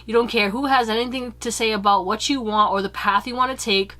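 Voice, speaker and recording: A woman's voice: steady tone, brisk. A woman giving a casual pick-a-card tarot reading to her viewers, chatty and candid, with slang and casual swearing. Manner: acts out quoted remarks in higher, louder voices. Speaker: tarot reader.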